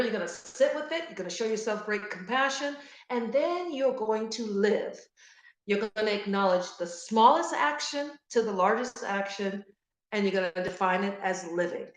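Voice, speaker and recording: A middle-aged woman giving an earnest, animated motivational talk to grieving parents, repeating key phrases for emphasis. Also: mid-range voice, echoey room. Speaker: guest speaker on grief support.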